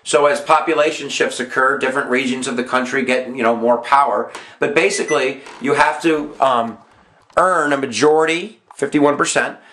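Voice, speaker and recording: A man's voice: mid-range voice, fairly bright tone. Jokey male history teacher, echoey room. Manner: jokey, self-mocking, emphatic. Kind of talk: casual exam-review lesson.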